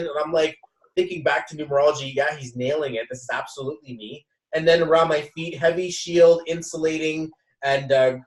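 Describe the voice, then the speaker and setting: A man casually recounting his sessions, acting out other people's lines with many restarts. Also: a little high. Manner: animated, quotes others in dialogue, frequent restarts. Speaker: host. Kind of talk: casual storytelling. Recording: echoey room, mic at a distance.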